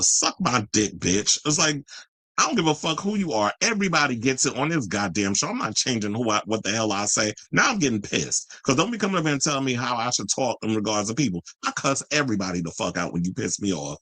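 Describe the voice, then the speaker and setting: A man's voice: medium pitch, big pitch swings, fast, sharp tone, no room sound, rough recording. A man hosting a live-stream commentary show, ranting profanely and arguing straight with his viewers. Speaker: host.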